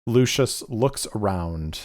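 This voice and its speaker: Measured male game master, unhurried, dry close mic. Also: on the low side, expressive, darkish tone, no echo. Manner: measured, reads rules aloud. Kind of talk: narrating a solo tabletop game.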